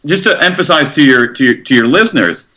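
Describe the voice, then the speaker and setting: Animated man explaining research. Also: fairly high pitch, fast. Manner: animated, explanatory, acts out quotes. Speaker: author guest. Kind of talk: interview.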